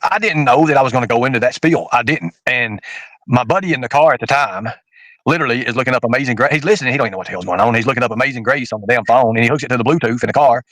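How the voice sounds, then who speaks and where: Guy on a livestream, talks fast, rambles, lots of ums, dry close sound. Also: medium pitch, fairly bright tone, dry recording, rough recording. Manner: rambling, with many fillers and restarts. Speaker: livestream host. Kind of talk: casual livestream chat.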